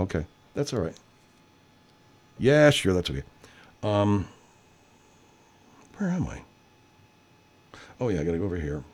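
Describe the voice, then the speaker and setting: A man in his sixties hosting a live stream, rambling in profane, animated casual chat. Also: on the low side.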